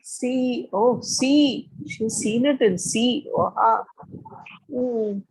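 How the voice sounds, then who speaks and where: A woman telling a children's story slowly, asking a young listener questions as she goes. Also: fairly high pitch, darkish tone, slightly rough, poor audio.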